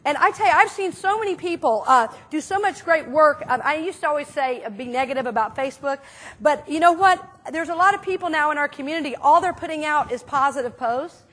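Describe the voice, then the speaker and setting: A woman minister giving a conversational sermon, telling stories in a chatty, animated way with many fillers. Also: high-pitched, brisk. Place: church sanctuary.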